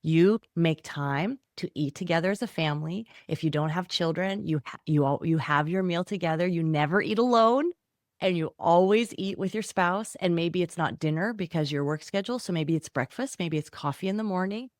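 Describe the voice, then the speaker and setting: A middle-aged woman, a guest author in a podcast interview, talking in an animated way and acting out quoted voices. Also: on the low side, moderate pace, dry recording, clean studio sound.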